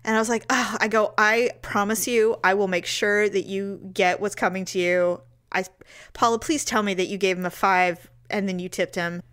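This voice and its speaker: A woman co-hosting a podcast, telling a story in casual chat and acting out her own quotes in high squeals. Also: steady tone, moderate pace, a bit bright, clear, resonant tone. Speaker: podcast co-host.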